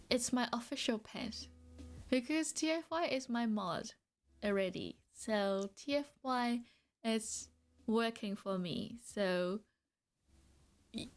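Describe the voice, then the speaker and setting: A woman's voice: fairly high pitch, slow, long pauses. A woman streamer chatting casually and playfully with her viewers, teasing and often giggling. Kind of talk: casual live-stream chat.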